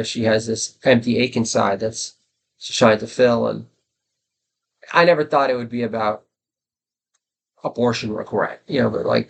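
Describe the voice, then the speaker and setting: A man's voice: medium pitch, creaky, a little hiss or hum. A man in his forties hosting his own podcast, telling crude, self-deprecating, meandering stories in a loose solo monologue. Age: 40s. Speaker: podcast host and comedy writer.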